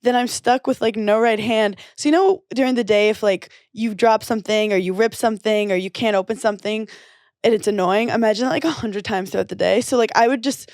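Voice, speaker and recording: A woman's voice: mid-range voice, darkish tone, no echo, studio quality. A woman hosting a podcast in casual chat, playful and joking. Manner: playful, joking, quick to laugh. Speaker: podcast host.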